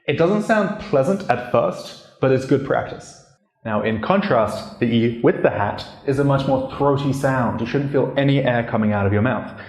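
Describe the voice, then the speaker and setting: A man presenting a casual pronunciation lesson as a learner of the language, explaining in a relaxed, chatty way with lots of "like" fillers. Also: medium pitch, normal speed. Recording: roomy echo.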